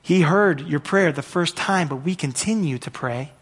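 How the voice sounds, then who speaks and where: A man's voice: a little high, normal speed, fairly bright tone, breathy edge. A man preaching a sermon as pastor, earnest and repetitive, building in intensity at the peaks.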